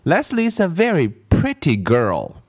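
A man's voice: a little high, huge pitch swings, slow, husky, pitched above the performer's own voice, exaggerated voice. A man doing a prim, fussy schoolteacher lady.

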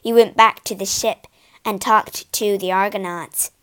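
A woman narrating a storybook for English learners, reading slowly, clearly and expressively. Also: medium pitch, fairly even intonation, bright, forceful tone.

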